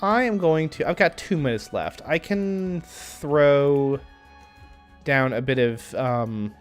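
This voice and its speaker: A young man chats through a live game stream, thinking aloud and restarting his sentences with plenty of ums. He speaks slowly, and his pitch swings widely. Soft game music plays quietly underneath. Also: animated. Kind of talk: casual live-stream commentary.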